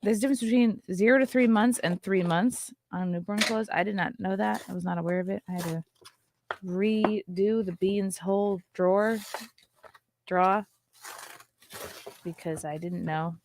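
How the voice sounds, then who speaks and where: Chatty gravelly-voiced woman livestreaming. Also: medium pitch, moderate pace, noisy background. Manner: gushing, excitable, chatty with frequent fillers. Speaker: livestream host. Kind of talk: casual livestream chat.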